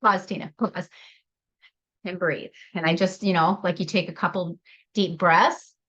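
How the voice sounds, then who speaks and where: A woman's voice: lowish voice, fairly even intonation, moderate pace, a bit bright, lo-fi sound. A woman hosting a leadership workshop, talking animatedly, laughing often and speaking to attendees by name. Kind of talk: live workshop talk.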